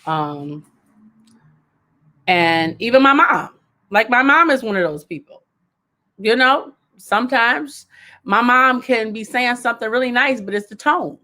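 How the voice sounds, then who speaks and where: A woman's voice: on the high side, expressive, unhurried, pauses often, sharp tone. A woman hosting a live advice show, coaching viewers in a casual way, repeating her key points and laughing as she reads their comments.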